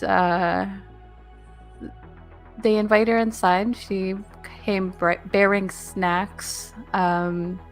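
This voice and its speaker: A woman narrating a tabletop game as game master, recapping the last session in a relaxed way with plenty of fillers. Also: fairly low pitch.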